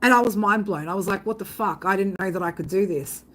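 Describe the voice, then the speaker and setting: A woman's voice: medium pitch, quick pace, a bit bright. A woman, a psychic tarot reader, telling a story to her viewers in a rambling, blunt way, swearing freely and tagging lines with "right?".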